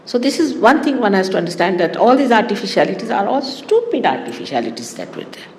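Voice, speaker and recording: A woman's voice: medium pitch, quick pace, a little hiss or hum. Teasing woman lecturing in a reverberant hall. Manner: animated and teasing, laughs often. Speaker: spiritual teacher. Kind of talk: spiritual talk to followers.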